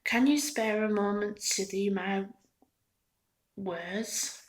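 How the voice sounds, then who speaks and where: A woman voicing an erratic, pushy male street toy maker in a soft whispered role-play. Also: mid-range voice, takes it slowly, natural voice. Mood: wheedling. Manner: wheedling, turns scornful.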